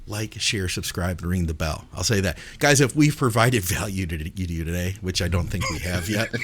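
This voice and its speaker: Lively low-voiced male co-host. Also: unhurried, husky. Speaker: podcast co-host. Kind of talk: casual podcast chat.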